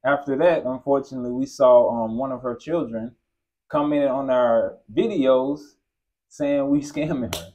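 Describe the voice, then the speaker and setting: A man's voice: mid-range voice, moderate pace, a little mellow, muffled recording. A man co-hosting, retelling a confrontation in heated, emphatic casual chat. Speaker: co-host.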